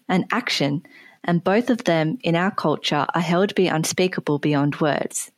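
A woman co-hosting a literary podcast, reading a review aloud in a measured, dry manner. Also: fairly low pitch, no echo. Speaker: podcast co-host.

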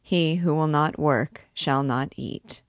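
A woman's voice: low voice, no room sound, studio quality. A woman doing a stern archdeacon. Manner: stern, measured. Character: stern, severe male archdeacon, middle-aged.

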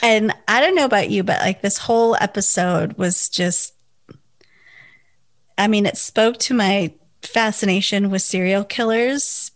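A woman chatting casually about a TV episode, enthusiastic and quick with asides. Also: medium pitch. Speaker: co-host. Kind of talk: casual TV recap chat.

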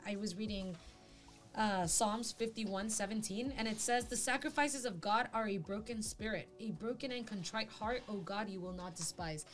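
A woman in casual faith talk, earnest and reflective as a co-host. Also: mid-range voice. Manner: earnest, reflective, quotes scripture. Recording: faint music behind.

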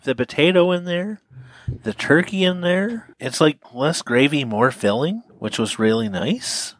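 A podcast co-host chatting casually about food, relaxed and quick to laugh, giving short replies. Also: mid-range voice, no room sound. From Canada. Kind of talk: casual food-tasting chat.

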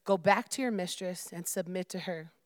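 A woman's voice: on the low side, moderate pace, no echo, clean studio sound, natural voice. A woman reading the words of a solemn male heavenly messenger aloud from scripture.

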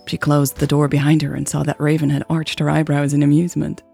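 Brief: woman narrator for a romance serial, low warm tone, some vocal fry, soft music under. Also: flat delivery, fast talker. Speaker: podcast narrator. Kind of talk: scripted narration of a romance story.

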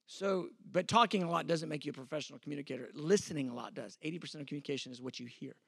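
A man's voice: a little high, rapid-fire, creaky, fairly bright tone, husky, no room sound. Conversational man preaching in a dry room. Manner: conversational, self-deprecating, acts out quoted exchanges. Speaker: pastor. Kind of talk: sermon teaching.

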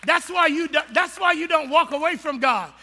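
A male pastor preaches with lively humor in plain, colloquial talk. His voice sits very high and sounds intensely bright and sharp, with a gravelly rasp. A long reverb trails behind it in a church sanctuary. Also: moderate pace, some chatter behind, a little hiss or hum. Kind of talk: sermon. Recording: long reverb of a large hall.

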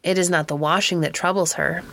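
A woman voicing a kindly, earnest mother in an audiobook, speaking slowly and gravely. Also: fairly low pitch, fairly even intonation, pushed and bright, slight background noise. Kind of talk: audiobook character reading.

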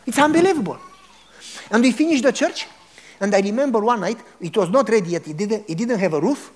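A man's voice: high voice, expressive, a little fast. A man preaching a sermon as a pastor, telling a story dramatically and asking the congregation questions.

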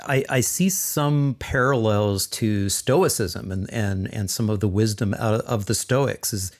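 A man's voice: fairly low pitch, unhurried. A man interviewing a guest, asking questions with hesitations and restarts. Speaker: interviewer, podcast host.

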